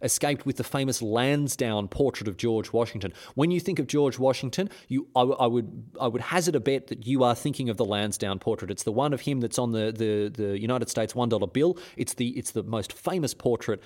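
A man's voice: medium pitch, brisk, hardly any pauses, darkish tone. Irreverent man telling history. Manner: irreverent, rambling, with stumbling restarts. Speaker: host. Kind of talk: comedic history podcast narration.

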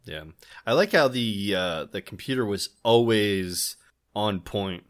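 A man chats casually as a podcast co-host, feeling his way through sentences with fillers and restarts. His voice sits somewhat low. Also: slow pace. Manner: hesitant, full of fillers and restarts. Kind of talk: casual chat.

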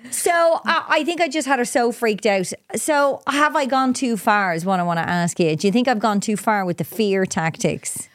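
A woman co-hosting a podcast, telling a story in a lively, blunt, unfiltered way. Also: moderate pace, hardly any pauses, dry recording, studio quality. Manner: animated storyteller, jumps into high voices for quotes. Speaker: podcast co-host. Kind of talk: casual chat.

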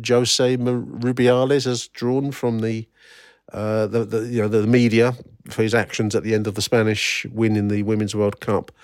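Reading old newspaper reports aloud, this podcast host runs a solo show on football history in a wry, rambling style full of fillers and restarts. His voice is lowish, and the recording is dry and studio quality.

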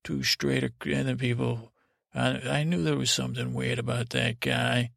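Gravelly man rambling a bedtime story. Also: little pitch movement, a bit bright, no room sound, studio quality. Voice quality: gravelly, low-key drone. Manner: meandering, halting, with many restarts and trailing asides. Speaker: sleep podcast host.

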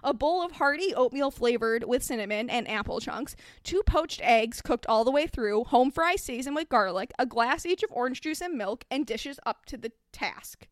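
A woman voicing a fervent male preacher who runs a school, praying loudly in a folksy way. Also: a little high, lively intonation, moderate pace, hardly any pauses, no echo, natural voice.

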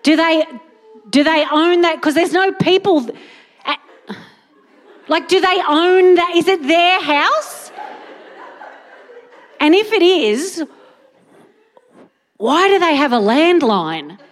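A woman's voice: very high voice, lively intonation, slow, long pauses. A young adult woman doing a stand-up comedy set on a live stage, rambling and incredulous with wry asides. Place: live theatre stage with audience. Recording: live venue with faint crowd noise.

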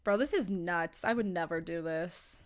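A woman's voice: fairly low pitch, moderate pace. A young woman co-hosting a podcast, animatedly recapping the plot in casual chat. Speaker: podcast co-host. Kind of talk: casual movie-watching chat.

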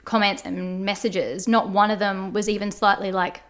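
A woman's voice: mid-range voice, steady tone, moderate pace. A woman guest on a podcast, telling a personal story in an earnest, reflective way. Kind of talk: candid conversational storytelling.

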